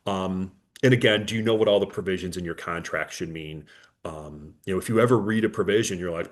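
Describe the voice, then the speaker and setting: A man's voice: low voice, a little fast. A man, an attorney, giving a conversational business webinar, telling client stories and acting out their dialogue with frequent fillers. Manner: anecdotal, acts out client dialogue, many fillers.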